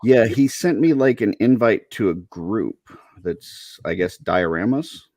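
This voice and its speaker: A man's voice: on the low side, expressive, a little slow, mellow, dry recording, studio quality. A man hosting a podcast, chatting casually in a rambling way with many fillers. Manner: laid-back, rambling with fillers. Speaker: podcast host. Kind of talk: casual chat.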